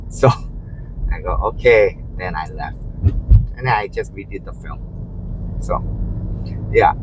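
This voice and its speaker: A man who drives rideshare, chatting while driving, rambling with lots of "you know" and restarts. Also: on the low side. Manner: acts out quotes in a raised voice. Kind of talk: casual storytelling while driving. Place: inside a moving car. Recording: faint car road noise.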